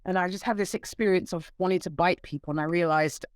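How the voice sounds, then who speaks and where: Animated woman guest telling stories. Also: lowish voice, quick pace, no echo. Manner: lively, acts out quoted voices, laughs. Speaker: interview guest. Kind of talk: storytelling in conversation.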